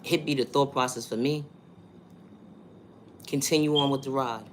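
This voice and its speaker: A man's voice: medium pitch, steady tone, normal speed, a little hiss or hum. A man with a New York accent, talking through a monologue vlog in an emphatic, repetitive way and asking rhetorical questions.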